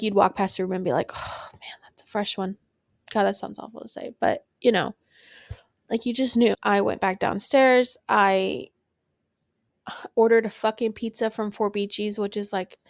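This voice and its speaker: A woman's voice: mid-range voice, gravelly, no echo, clean studio sound. A young woman hosting a podcast, telling a personal story candidly with lots of fillers and some swearing. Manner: candid, swearing, filler-heavy, emotional at times. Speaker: podcast host.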